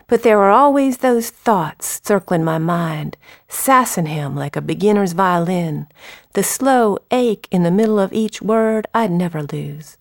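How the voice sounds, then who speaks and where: A woman poet reading her poems aloud with unhurried, expressive phrasing and short spoken introductions. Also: medium pitch, dry recording, studio quality.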